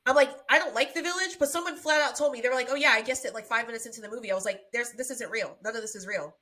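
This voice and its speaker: A woman co-hosts a casual podcast conversation. She tells stories with lively swings in pitch and acts out the quotes she retells. Her voice sits slightly high. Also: very fast. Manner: animated storytelling, acting out quotes with big pitch jumps. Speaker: podcast co-host. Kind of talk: casual chat.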